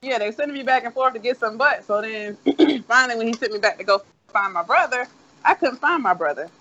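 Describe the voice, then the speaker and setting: A man's voice: extremely high pitch, animated, fairly quick, sharp tone. A man telling a rambling, profane childhood story in a casual chat. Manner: rambling, profane, laid-back. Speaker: co-host. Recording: dull lo-fi audio.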